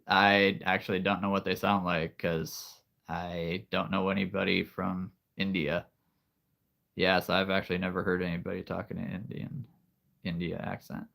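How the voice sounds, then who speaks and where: Slow, low-voiced American man chatting. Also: creaky, a bit bright. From United States. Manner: rambling, self-amused, chuckling. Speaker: live-stream host. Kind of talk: casual live-stream chat.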